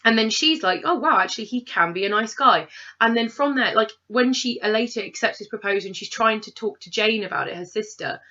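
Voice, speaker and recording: A woman's voice: a little high, brisk, sharp tone, highs cut off. A woman co-hosting a casual review chat, animatedly acting out characters' lines as she rants. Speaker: podcast co-host reviewing a film.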